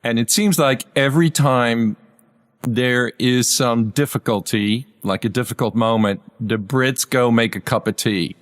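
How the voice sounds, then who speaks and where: A man's voice: medium pitch, a little slow, in a large hall. An American man hosting a casual podcast interview, talking in a thoughtful, friendly way with hesitant restarts. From United States. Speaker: podcast host.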